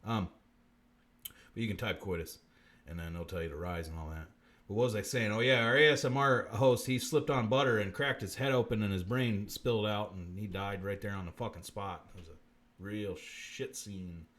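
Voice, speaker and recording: A man hosting a live-stream comedy show, muttering profane bits deadpan and breaking into sudden shouts. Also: lowish voice, moderate pace.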